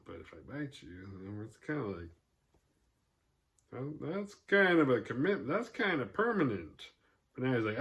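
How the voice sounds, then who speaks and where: A man with a lowish voice recaps a horror movie in loose, casual vlog talk. He swears freely and keeps slipping into quick jokey impressions of the characters. His delivery is offhand and sardonic. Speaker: horror movie review vlogger.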